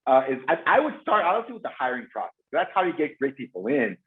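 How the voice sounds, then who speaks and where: A man speaks in a fast, excited rush, doubling words and restarting his thoughts as he goes. His pitch jumps around a lot and sits a bit high. It sounds tinny and narrow, like it came in over a video call. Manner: rapid, passionate, repeats words and restarts. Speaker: guest expert on phone sales teams. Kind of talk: fast enthusiastic webinar talk. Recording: tinny phone-like call audio.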